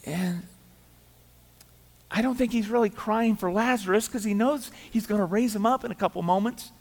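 A middle-aged man preaching a sermon as pastor, telling the story in a conversational way, acting out quoted voices and dropping quiet for emphasis. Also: sits high, normal speed. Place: church sanctuary. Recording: church hall reverb.

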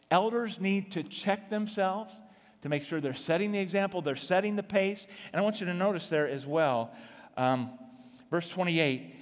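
Male pastor, sermon delivery, somewhat high voice, emphatic, long church reverb. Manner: emphatic preaching, rising and dropping in force.

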